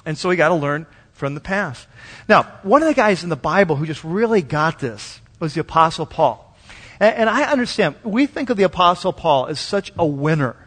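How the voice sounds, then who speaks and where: High-voiced pastor in a reverberant hall. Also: male voice, normal speed. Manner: conversational and animated, acts out quoted voices. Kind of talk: sermon.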